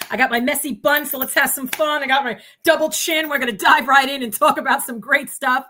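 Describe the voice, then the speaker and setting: A woman's voice: sits high, fairly quick, hardly any pauses, pushed and bright. A woman in her fifties with a New York accent, a guest on a video-call livestream, talking in an exuberant, jokey way. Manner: exuberant, jokey, talks in rhyming asides. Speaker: guest speaker. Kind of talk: animated livestream chat.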